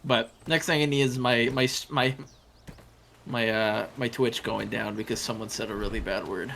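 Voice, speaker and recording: A man's voice: lowish voice, fairly even intonation, normal speed, creaky, a bit bright, a little hiss or hum. A man chatting casually with friends while gaming, telling a rambling story with laughs and restarts. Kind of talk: casual chat while playing.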